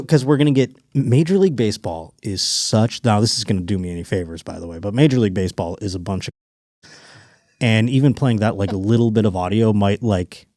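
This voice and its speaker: Animated, swearing podcast host man. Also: medium pitch, no echo, studio quality. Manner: animated, profane, jumps into mock voices. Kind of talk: solo comedic podcast riffing.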